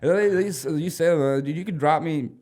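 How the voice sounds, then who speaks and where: A man's voice: fairly high pitch, moderate pace, darkish tone. A young man from Louisiana with a Southern accent, a stand-up comedian guest telling rambling, profane stories in casual podcast chat. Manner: rambling storyteller, swears freely, says dude a lot.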